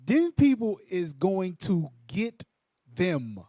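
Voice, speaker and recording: Male co-teacher, mellow voice, animated pitch, street-slang emphasis. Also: slow pace, dry recording. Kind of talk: preaching Bible lesson commentary.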